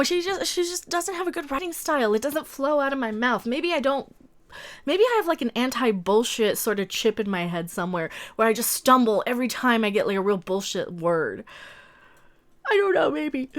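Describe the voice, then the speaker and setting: Woman, high voice, sarcastic reaction rant, mocking and profane, online commentator. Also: lively intonation, moderate pace.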